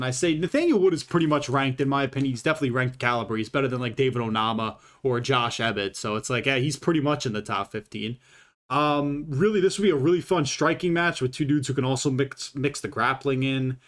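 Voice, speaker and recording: Solo commentator, man, loose and profane, mid-pitched voice, chatty and unscripted. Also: fast talker, a bit bright. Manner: profane and rambling, with many fillers. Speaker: YouTube fight commentator. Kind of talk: casual commentary.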